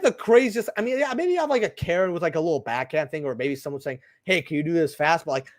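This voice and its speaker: A young man with a high, very lively voice rambles through a story while opening cards, tossing in "right?" every few lines. The sound is dry and close, with no room echo. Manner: rambling, animated, lots of "right?" and asides. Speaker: channel host opening trading cards.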